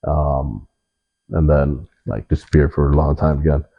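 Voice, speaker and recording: A young man telling stories in a relaxed interview, swearing often and leaning on fillers. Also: very deep voice, unhurried, gravelly, breathy edge, highs cut off. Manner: laid-back, swears a lot, many fillers. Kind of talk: casual storytelling in an interview.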